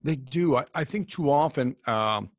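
At normal speed and in a mid-range voice, a male guest shares anecdotes in a storytelling interview chat. The dry recording captures him as a lively, casual teller who voices the people in his stories.

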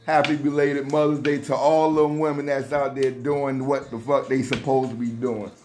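A man co-hosting a podcast, speaking bluntly in with rough, profane phrasing. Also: mid-range voice, flat delivery, normal speed, a little mellow, slight background noise. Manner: blunt, profane street talk. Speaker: podcast co-host. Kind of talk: casual podcast chat.

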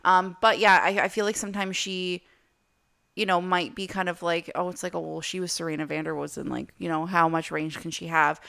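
A young woman co-hosts a casual podcast in a low, slightly gravelly voice. Her tone is smooth and clear, and she talks enthusiastically, filling her sentences with ums and likes. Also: fairly even intonation, brisk, fairly bright tone. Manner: chatty, filler-heavy, enthusiastic. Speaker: podcast co-host. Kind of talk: casual chat.

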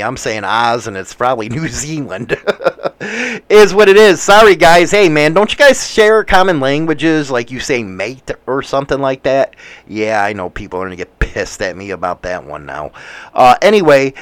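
A man in his forties with a Chicago accent, rambling through news with profane, animated asides. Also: mid-range voice, measured pace, no echo. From United States. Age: 40s. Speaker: commentator reading news. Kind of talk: casual commentary.

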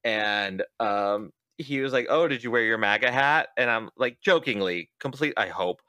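A man's voice: medium pitch, normal speed, no room sound. A young adult man hosting a podcast, telling a story in casual chat and acting out the quotes. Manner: animated storyteller, acts out quotes. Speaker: podcast host.

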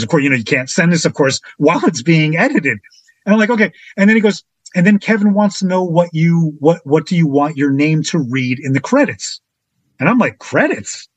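Animated husky man telling a story. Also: dry recording. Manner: animated, acts out quotes with big pitch jumps. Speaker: podcast guest. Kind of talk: casual storytelling anecdote.

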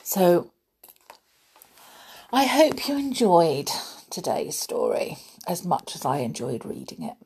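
A woman narrating a children's story in a gentle, friendly way and then warmly signing off to her listeners. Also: lowish voice, wildly swooping pitch, slow pace, vocal fry, pauses often, breathy edge. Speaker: storyteller host.

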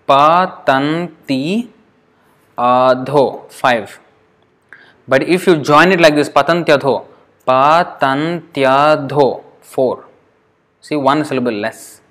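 Man, Sanskrit teacher, patient, spells words out, repeats slowly, classroom lesson. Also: on the high side. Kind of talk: explaining sandhi rules in a lesson.

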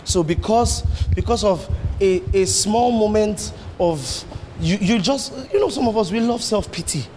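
A man preaching a sermon, animated and swinging his pitch up and down as he fires rhetorical questions at the congregation. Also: a little slow, slight background noise. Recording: long hall reverb, faint ambience.

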